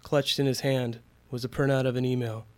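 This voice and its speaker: A man narrating a scripted story in a measured, suspenseful storytelling manner. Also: mid-range voice, level tone.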